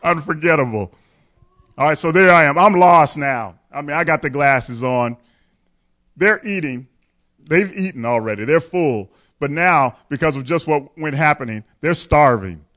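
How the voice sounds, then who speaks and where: High-voiced male pastor telling a funny story. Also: lively intonation, moderate pace, fairly bright tone. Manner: candid, humorous storytelling with frequent chuckles; addresses the congregation directly. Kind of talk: storytelling sermon.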